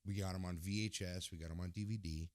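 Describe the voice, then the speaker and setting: A man, a podcast guest, telling a story casually, swearing freely and jumping loud and high when he acts out the scenes. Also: quick pace, no room sound. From Southern California. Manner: animated, swings loud when acting out the story.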